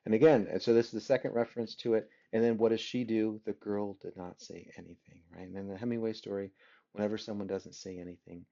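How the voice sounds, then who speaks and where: A man with a lowish, gravelly yet mellow voice talks quickly and fairly evenly while teaching a literature class, walking through a story. He keeps tossing rhetorical "right?" questions to his listeners in this dull, lo-fi recording of the lecture.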